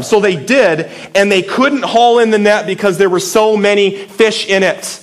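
A man's voice: sits high, normal speed, hardly any pauses. A man preaching a sermon in a playful, conversational way, asking the listeners many rhetorical questions. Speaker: pastor.

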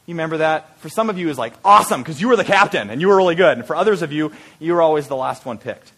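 A pastor with a fairly high voice delivers a sermon. He tells his story in an animated way and moves into earnest, quiet appeals to his listeners. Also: racing.

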